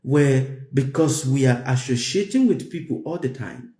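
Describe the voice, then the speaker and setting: Animated man giving a spiritual talk. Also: a little slow. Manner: emphatic, repeats phrases, voice climbs high for stress. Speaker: spiritual teacher. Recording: roomy echo.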